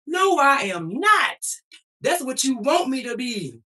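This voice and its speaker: A young adult woman livestreaming, firing back at her chat in a profane, preachy, confrontational way. Her voice is bright and sharp. She sits a little back from the mic, so the sound is somewhat distant. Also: sits high, big pitch swings, a little slow. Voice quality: profane, defiant.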